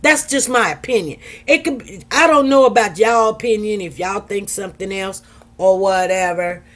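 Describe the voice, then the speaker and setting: A woman, hosting casual commentary and telling stories with animated, acted-out quotes. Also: mid-range voice, moderate pace. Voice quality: lively, animated storytelling, acts out quotes. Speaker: commentary host.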